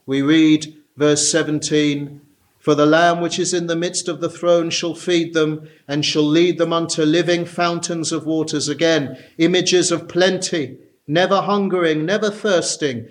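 A man preaching a sermon, slow and emphatic, climbing higher when he pleads with his listeners. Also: steady tone. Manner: earnest, slow and emphatic, rising in pitch for pleading passages.

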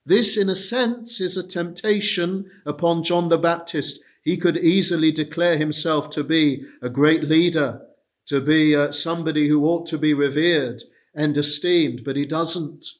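Slow, hesitant man preaching. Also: fairly high pitch, fairly even intonation. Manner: slow, deliberate, with frequent hesitations; reads scripture in King James wording. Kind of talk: expository sermon.

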